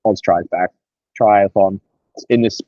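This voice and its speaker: A young Australian man co-hosting a podcast, chatting casually and excitably, with plenty of swearing. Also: fairly low pitch, slow pace, no echo, lo-fi sound. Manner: excitable, sweary, loose storytelling. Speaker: podcast co-host. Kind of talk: casual chat.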